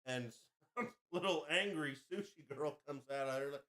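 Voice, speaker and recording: A man's voice: a little high, normal speed, a bit bright. A man hosting a podcast, telling a rowdy story in a crude, boastful, casual way. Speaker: podcast host.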